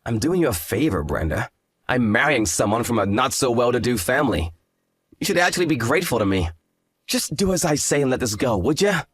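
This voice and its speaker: A man's voice: medium pitch, big pitch swings, a little fast, husky, no room sound, clean studio sound. A man playing a smug hungover fiancé. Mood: dismissive. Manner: condescending, lazy drawl. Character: smug hungover young fiancé, arrogant and dismissive. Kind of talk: dramatized story voice acting.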